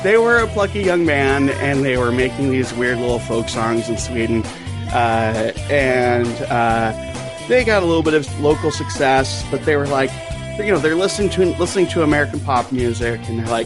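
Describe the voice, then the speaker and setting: A man's voice: medium pitch, expressive, moderate pace, music in the background. A man hosting a podcast in casual chat, telling a story with animation and acting out quoted voices. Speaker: podcast host.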